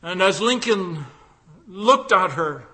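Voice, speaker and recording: High-voiced fervent male preacher. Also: animated, slow pace, big-room sound. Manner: fervent, swings from loud cries to hushed lines. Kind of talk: sermon with closing prayer.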